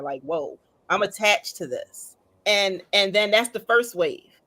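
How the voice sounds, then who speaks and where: A woman's voice: on the high side, normal speed. Emotional, laughing woman host. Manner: emotional, laughing, acts out excited reactions. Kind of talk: casual chat.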